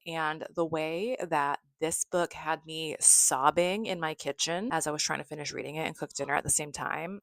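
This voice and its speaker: A young woman talks through her reading month in a relaxed, effusive way, dropping the odd swear. Her voice sits low for a woman, and the close mic is dry with no room sound. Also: dry recording. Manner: chatty and effusive, swears casually. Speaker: book vlogger. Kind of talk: casual monthly book recap.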